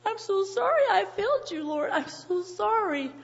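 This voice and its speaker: A remorseful man begs for forgiveness in a high, tearful, pleading voice, as a woman preacher puts him on. The sound is dull and lo-fi, and a long reverb trails behind each phrase in a large hall. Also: animated, moderate pace, vocal fry, exaggerated voice.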